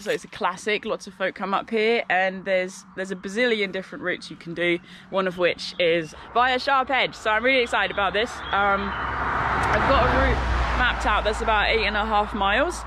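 A woman's voice: medium pitch, normal speed, bright, forceful tone, slight background noise. Chatty woman hiking outdoors. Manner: chatty, upbeat, rambling with fillers. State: groggy, tired. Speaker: hiking vlogger. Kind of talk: casual vlog to camera. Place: outdoors on a mountain roadside and trail. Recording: music playing underneath.

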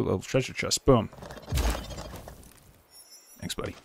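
A man's voice: fairly low pitch, steady tone, unhurried, gravelly, pauses often. A man giving casual gameplay commentary, chatting to game characters and calling them buddy. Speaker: let's play host.

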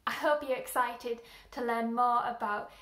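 A woman gently introduces a lesson to small children in an encouraging way. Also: fairly high pitch, fairly even intonation, a little slow, roomy sound. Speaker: children's group leader.

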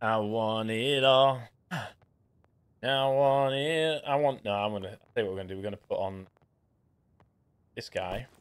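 A man giving jokey, rambling commentary over live gameplay, swearing and muttering to himself between bursts of excitement. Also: lowish voice. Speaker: gaming channel host.

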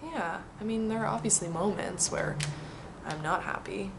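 A woman in her twenties reading aloud a letter she wrote to herself and answering its questions in a casual, chatty, excitable and reflective way. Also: medium pitch, normal speed, vocal fry, background noise. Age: 20s.

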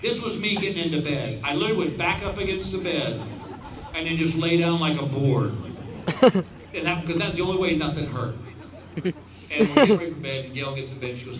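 A man in his fifties doing stand-up, telling a long story in a folksy way and quietly acting out the other people's lines. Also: a little high, fairly quick. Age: 50s. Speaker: stand-up comedian. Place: outdoor stadium stage. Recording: roomy, distant audience recording with crowd noise.

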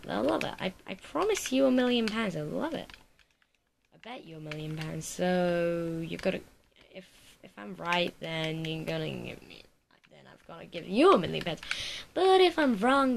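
A voice rambles and giggles through silly let's play commentary, low and gravelly in tone. The recording is noisy, with keyboard clicks clattering behind. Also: female voice. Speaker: gaming video creator.

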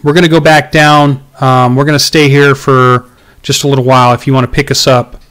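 Guy doing tough dwarf lady commander, blunt and dutiful, plain male pitch. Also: flat delivery, brisk, fairly bright tone, lightly acted. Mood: stern. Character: stern female dwarf strike leader.

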